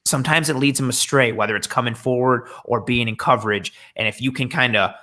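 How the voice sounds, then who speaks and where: A man appearing as a football draft scout gives his analysis in an animated, giggly way. His voice is bright and forward, and it sits at an ordinary middle pitch. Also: a little fast. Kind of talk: casual sports chat.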